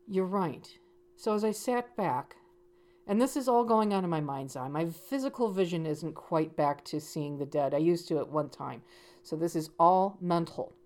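A woman with a slightly low voice talks casually about her work as a psychic medium. She tells the story in a loose, conversational way, restarting sentences and acting out the dialogue. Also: a little mellow.

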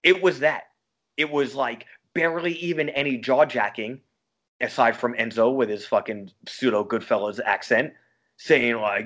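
A man's voice: medium pitch, moderate pace, fairly bright tone. A man from Long Island co-hosting a wrestling podcast, talking in a casual, profane, ranting way. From Long Island, New York. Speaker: podcast co-host. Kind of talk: casual chat.

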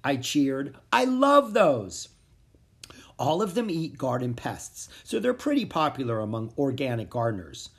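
An expressive reader narrating a children's storybook aloud in first person. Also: medium pitch, moderate pace, hardly any pauses. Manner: expressive, animated. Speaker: audiobook narrator.

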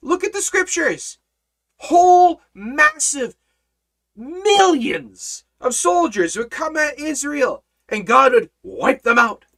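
A Bible study teacher in casual teaching, emphatic, swinging from hushed remarks to loud rhetorical questions and repeating phrases for emphasis. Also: high-pitched, very animated, slow pace.

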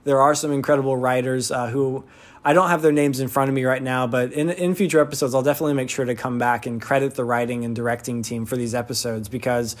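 A man's voice: mid-range voice, fairly even intonation, quick pace. A man reviewing a TV episode in casual talk, rambling with lots of fillers and restarts, sounding like an enthusiastic fan.

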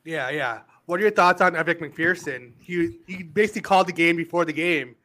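Bright, slightly high male co-host, relaxed and hesitant sports chatter. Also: fairly quick. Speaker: podcast co-host. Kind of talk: casual sports chat.

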